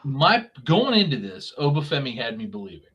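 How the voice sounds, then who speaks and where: A man talks in a loose podcast chat, ranting hard and swearing freely. He pitches up to mock people and then drops back to a grumble. His voice sits at an average pitch for a man. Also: sing-song, a little fast, a bit bright, breathy edge, lo-fi sound. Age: young adult or middle-aged. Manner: profane, ranting, mocks voices. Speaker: podcast co-host. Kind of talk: casual chat. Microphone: remote podcast mic.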